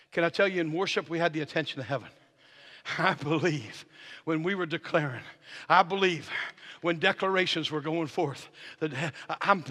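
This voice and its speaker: A male preacher with a high, very bright voice whose pitch leaps around as he preaches. He drops to a low, intimate tone for stories, then rises into shouts, with folksy phrasing. The sound carries a long church-hall reverb. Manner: swings from low intimate storytelling to shouted climaxes; folksy Southern-style phrasing with "ain't" and "y'all". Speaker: guest preacher. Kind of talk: sermon. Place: church sanctuary.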